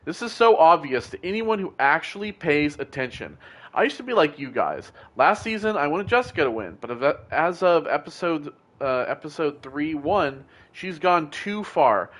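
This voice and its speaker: Brief: a man playing a fired-up superfan, pitch swooping wildly, emphatic rant. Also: big pitch swings, normal speed, fairly bright tone. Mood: indignant. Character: indignant obsessive reality-show fan, ranting.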